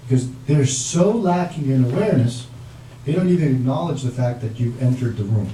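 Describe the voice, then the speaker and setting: A man's voice: mid-range voice, lively intonation, brisk, mellow. A man presenting a parenting workshop, talking with his audience and acting out the lines of parents and children. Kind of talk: interactive workshop talk. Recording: echoey room, mic at a distance, background noise.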